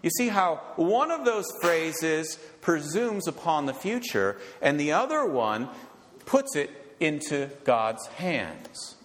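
A man's voice: on the high side, big pitch swings, slow pace, fairly bright tone. Man preaching in a reverberant hall. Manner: emphatic preaching with rhetorical questions and frequent "okay?" check-ins. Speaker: pastor. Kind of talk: sermon. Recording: long reverb of a large hall.

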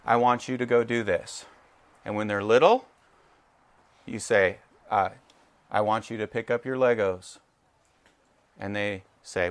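A man in his forties gives a sermon in a lively, talkative manner, turning to his listeners again and again. His voice sits at an ordinary middle pitch. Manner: animated, conversational, checks in with listeners.

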